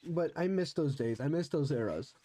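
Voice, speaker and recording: A man's voice: a little high, animated, normal speed, dark tone. A young man streaming a game, chatting casually and rambling with many restarts. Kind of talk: casual chat while gaming.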